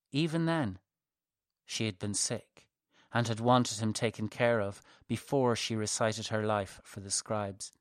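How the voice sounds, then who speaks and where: Slow, measured male storyteller. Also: medium pitch, a bit bright, no echo, studio quality. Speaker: author reading his own story. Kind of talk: scripted story narration.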